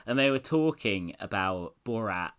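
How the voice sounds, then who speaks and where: Low voiced podcast host dude, dry sarcastic chat. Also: male voice, expressive, unhurried, fairly bright tone. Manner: dry, self-mocking sarcasm.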